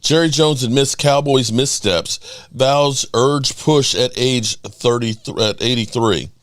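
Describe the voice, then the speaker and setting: A man hosting a casual live sports stream, excitable and often restarting his words. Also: medium pitch, slow. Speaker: sports channel host.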